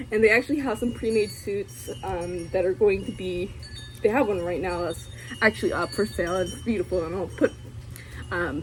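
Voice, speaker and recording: A woman's voice: medium pitch, a little hiss or hum. A young woman vlogging casually, giggling and gushing with many fillers as she unboxes something.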